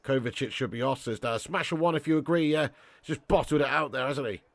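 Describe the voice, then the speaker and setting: A man's voice: mid-range voice, fast talker, dry recording. A young man hosting a casual live watch-along, reading chat and bantering with viewers as lad and mate.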